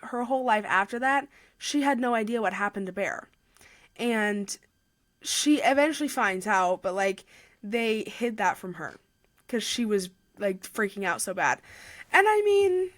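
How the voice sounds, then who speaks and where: A woman's voice: medium pitch, a bit bright, no room sound, studio quality. A young woman hosting a podcast, casually retelling a novel's plot in a chatty way, with lots of "like" and frequent restarts. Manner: chatty, heavy use of "like", with restarts. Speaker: podcast host. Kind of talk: casual book review recap.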